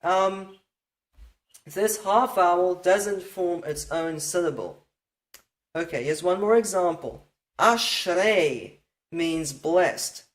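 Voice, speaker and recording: A patient, methodical teacher explains pronunciation in a steady, middle-pitched voice. They pause to sound out words slowly and check in with their listeners. The room adds a clear, roomy echo. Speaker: Hebrew teacher. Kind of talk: explanatory lesson on Hebrew pronunciation.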